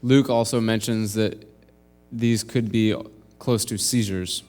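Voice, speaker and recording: A man's voice: on the low side, fairly even intonation, slow, darkish tone, soft background music. A young man preaching a sermon, reading scripture aloud and earnestly explaining the verses one step at a time. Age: young adult. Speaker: intern preacher. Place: church.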